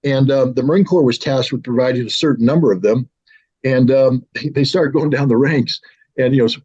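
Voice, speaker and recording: A man in his sixties from the United States, telling a personal story in a casual, animated way on his own show. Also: medium pitch, moderate pace, breathy edge. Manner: animated, with lively mimicry of others. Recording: slightly dull lo-fi sound.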